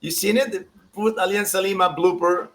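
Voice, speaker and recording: Animated man chatting about soccer. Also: sits high, brisk, a little hiss or hum, poor audio. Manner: animated, laughing, many restarts. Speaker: soccer show co-host. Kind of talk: casual sports chat.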